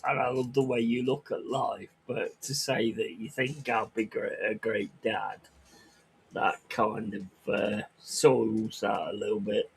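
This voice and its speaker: A man's voice: lowish voice, flat delivery, unhurried, gravelly, slightly rough. A man chatting on a livestream, reading chat aloud and ranting crudely with lots of swearing.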